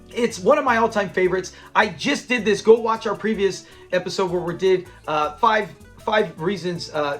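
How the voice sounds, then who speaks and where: A man hosting a casual episode breakdown, retelling scenes with quoted lines and laughing often. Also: high-pitched. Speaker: show recap host.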